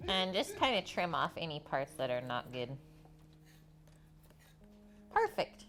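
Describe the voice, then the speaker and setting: A woman's low-pitched, fairly bright voice swings hugely in pitch as she speaks slowly, soft music behind her. She's cooking live from her home kitchen, chatting with viewers and reading their comments between steps.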